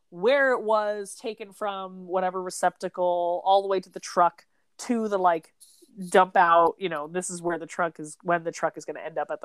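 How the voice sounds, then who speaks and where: Animated, laughing woman telling a story. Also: medium pitch, no echo. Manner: animated, laughing, swears casually. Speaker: podcast co-host. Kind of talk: casual chat, storytelling.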